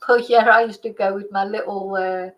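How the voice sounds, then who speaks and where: A woman's voice: mid-range voice, fairly even intonation, moderate pace, muffled recording. An older woman, a channel host chatting through a personal story in a rambling way, full of fillers and restarts. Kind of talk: casual storytelling monologue.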